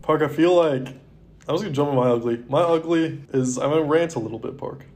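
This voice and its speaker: A man's voice: on the high side, fairly quick, a little mellow. A young man co-hosting a movie podcast in casual chat, rambling and filling his sentences with "like". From Baltimore area, US. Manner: rambling, heavy use of "like". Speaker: podcast co-host.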